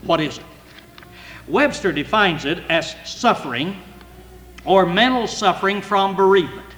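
An older man preaching a sermon with earnest emotion, at times rising to loud cries as he reads scripture. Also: high voice, unhurried. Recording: echoey hall with long reverb.

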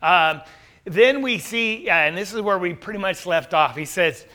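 Guy teaching bible class, kinda high bright voice, chatty, keeps asking the room questions. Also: animated, moderate pace. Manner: conversational, with rhetorical questions.

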